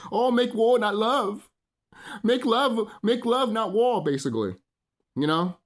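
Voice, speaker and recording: Animated man ranting casually. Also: mid-range voice. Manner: rambling and emphatic, heavy swearing; repeats phrases and asks "you know?". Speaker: channel host. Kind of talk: casual unscripted monologue.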